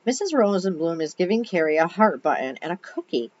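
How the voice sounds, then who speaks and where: A woman's voice: on the low side, big pitch swings, brisk, darkish tone. A woman voicing a blunt, joking schoolgirl who speaks matter-of-factly, in a storybook reading on a dull lo-fi recording.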